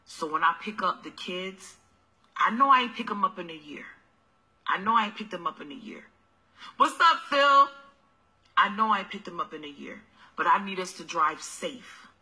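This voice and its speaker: A woman voicing a smooth-talking deadbeat boyfriend who begs for tax refund money in a low, coaxing voice. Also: pushed and bright, rough recording.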